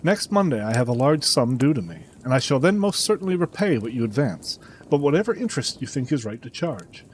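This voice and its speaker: A man reading a hurried, lofty nobleman in an audiobook, brisk and businesslike. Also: mid-range voice, big pitch swings, darkish tone, a little hiss or hum, close to an everyday voice. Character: hurried, haughty male nobleman.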